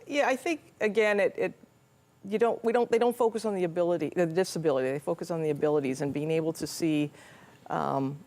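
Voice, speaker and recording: A woman's voice: fairly low pitch, quick pace, darkish tone. A middle-aged woman, a nonprofit leader, answering interview questions earnestly with frequent restarts. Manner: earnest, many restarts and fillers. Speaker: nonprofit CEO, guest.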